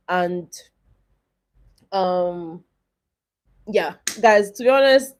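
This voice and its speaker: A woman's voice: medium pitch, darkish tone. A young woman, chatting casually in a vlog as she recaps a reality show, rambling and retelling scenes.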